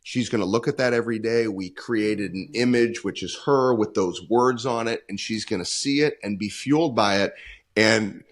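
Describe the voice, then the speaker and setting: A man's voice: fairly low pitch, normal speed. A man in his forties, a performance coach talking in a podcast interview, earnest and full of stories, often acting out the dialogue he quotes.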